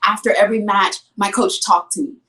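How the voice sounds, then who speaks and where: A woman's voice: mid-range voice, fairly even intonation, brisk, pushed and bright. A young adult woman, a guest athlete on a podcast, telling stories casually and acting out her own past words. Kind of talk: casual storytelling in an interview.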